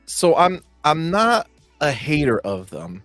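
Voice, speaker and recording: A man's voice: fairly high pitch, wildly swooping pitch, slow pace, fairly bright tone, no echo, soft background music. A man as a podcast guest, talking earnestly and with enthusiasm. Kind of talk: casual chat.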